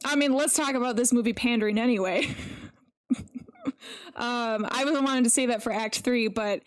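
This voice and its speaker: Woman co-host, casual film chat, quick opinionated delivery, a bit high-pitched. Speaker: podcast co-host.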